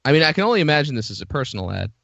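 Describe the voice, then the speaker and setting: A man on a casual podcast, his voice gravelly and his pitch swinging widely. He trades dry, teasing banter with the others. The sound is dull and dry. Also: very animated, very fast, fairly bright tone, no echo. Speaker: podcast co-host.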